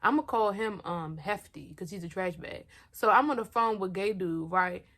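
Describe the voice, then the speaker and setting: This vlogger, a young woman, speaks at a moderate pace in a mid-range, fairly bright voice. She shares a personal story straight to her audience, blunt, slangy, and candid, and keeps poking fun at herself.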